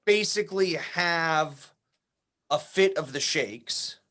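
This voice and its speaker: A man's voice: on the high side, slow pace, bright, forceful tone. A man co-hosting a golf podcast in casual chat, joking with dry understatement. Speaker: podcast co-host.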